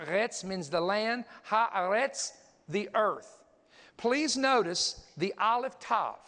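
A man's voice: high-pitched, a bit bright. A man preaching a sermon, teaching energetically, counting aloud and pointing things out as he goes. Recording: long hall reverb.

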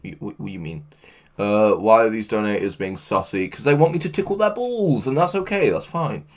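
A man chatting casually on a livestream, excitable, laughing often and swearing a lot. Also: on the low side, fairly quick. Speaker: livestreamer reading chat.

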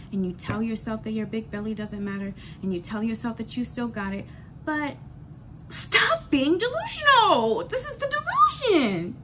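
A woman's voice: fairly high pitch, a little hiss or hum. A woman ranting bluntly in a candid storytime vlog, swearing freely and repeating lines for emphasis. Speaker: vlogger.

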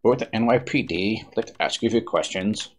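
A man's voice: on the low side, quick pace, close to an everyday voice. Man reading as a young policewoman. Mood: earnest. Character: determined young female police officer.

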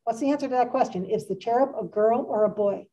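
A woman's voice: on the high side, quick pace, mellow. A woman in her sixties giving a casual art history lecture, chatty and enthusiastic, with frequent asides. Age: 60s. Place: community center meeting room. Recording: distant, dull room recording.

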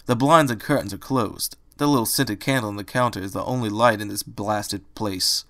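Man doing a curt, grumpy rabbit sidekick for a storybook read; gruff, clipped. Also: on the low side, moderate pace, a bit bright, lightly acted. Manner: curt and grumbling.

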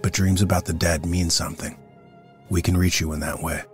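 A man narrating a classic paranormal audiobook in a measured, solemn, steady reading. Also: low-pitched, faint music behind. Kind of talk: scripted narration.

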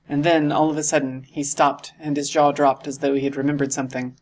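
A man reading a classic adventure novel aloud in a steady storytelling manner. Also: a little high, brisk, hardly any pauses. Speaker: audiobook narrator. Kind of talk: scripted narration.

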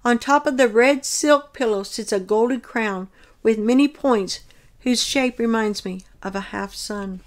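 Woman reading her dream testimony aloud, earnest and steady, bit high voice. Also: measured pace. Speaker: dream narrator.

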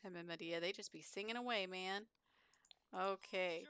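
A woman's voice: mid-range voice, a little slow, pauses often, fairly bright tone. A woman giving chatty, giggly gameplay commentary as a gaming YouTuber.

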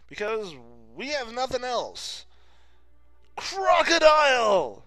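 A man giving casual, rambling gameplay commentary as a let's play host, easily distracted and breaking into sudden excited outbursts. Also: medium pitch, no room sound.

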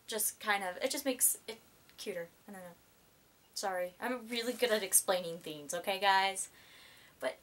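A young woman vlogger gushing and rambling in a casual unboxing chat, full of excited gasps. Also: medium pitch.

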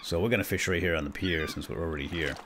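A middle-aged man giving casual, chatty gameplay commentary, breaking into excited exclamations. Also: low-pitched, fast, noisy background. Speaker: let's play host.

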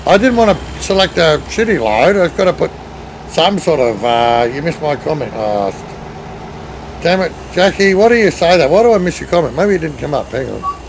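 Gravelly Australian man streaming a game. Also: fairly high pitch, big pitch swings, normal speed, a little hiss or hum, poor audio. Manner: chatty, reads and answers chat while driving. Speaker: streamer leading a truck convoy. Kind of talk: casual live-stream chat.

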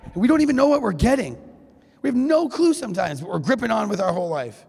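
A man giving a keynote talk at a men's conference, animated and joking, acting out quoted lines in his own voice. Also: high-pitched, fast talker, gravelly, breathy edge. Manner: animated, jokey, acts out quotes. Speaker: keynote speaker. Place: high school venue. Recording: long hall reverb.

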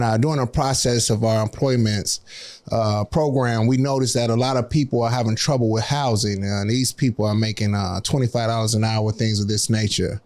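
A man who is a guest on a podcast, describing his program in a studio, measured and hesitant with many fillers. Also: medium pitch, darkish tone. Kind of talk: casual podcast interview.

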